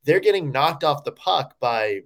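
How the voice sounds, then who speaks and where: A man co-hosting a sports podcast in casual chat, giving lively, joking analysis full of "you know" and "like". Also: fairly high pitch, measured pace. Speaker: podcast co-host.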